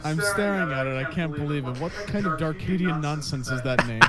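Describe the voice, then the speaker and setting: A man's voice: fairly high pitch, a little fast. Teasing young man over game music. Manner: teasing, exasperated quips. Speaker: co-host. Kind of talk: casual banter.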